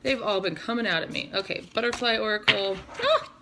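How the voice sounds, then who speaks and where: A woman's voice: medium pitch, quick pace, noisy background. A woman doing a casual, chatty tarot reading, laughing often and swearing casually. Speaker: tarot reader.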